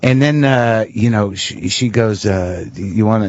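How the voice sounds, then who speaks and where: A man guesting as a comedian on a talk show tells candid stories at his own expense, often restarting and swearing. His lowish, slightly mellow voice is unhurried and recorded dry, though the broadcast itself is dull lo-fi radio.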